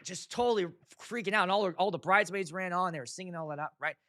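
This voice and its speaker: A man hosts his own show and tells stories from wedding gigs in a loose, animated way, laughing often and acting out the crowd. His voice sits a little high and sounds bright. The recording is close and dry. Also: fast talker, no room sound. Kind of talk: casual storytelling chat.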